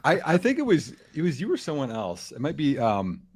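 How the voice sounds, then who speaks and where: A man's voice: on the high side, wildly swooping pitch, a little fast, darkish tone, slightly rough. A man guesting on a casual sports podcast, telling stories in a rambling way with lots of fillers. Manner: rambling storyteller, lots of likes.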